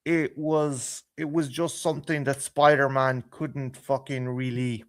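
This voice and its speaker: A man with an Irish accent chatting casually as a guest on a live stream, stammering through restarts and breaking into loud, swearing rants. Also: medium pitch, little pitch movement, unhurried. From Ireland. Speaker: guest podcaster. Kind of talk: casual chat. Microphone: video call.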